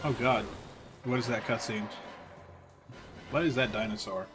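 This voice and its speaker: A man's voice: medium pitch, unhurried, over music. A man hosting a game stream, commenting sarcastically and swearing freely. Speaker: streamer host. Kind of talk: casual let's-play commentary.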